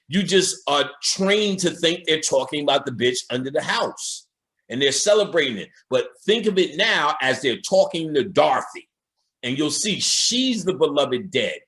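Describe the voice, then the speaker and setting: A man's voice: fairly high pitch, pushed and bright. A man giving a casual, profane commentary on a film, talking straight to his viewers as an occult lecturer.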